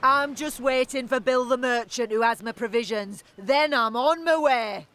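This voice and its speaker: An actress playing a gruff female orc bounty hunter in a video game, curt and threatening. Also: fairly high pitch, normal speed, fairly bright tone, natural voice.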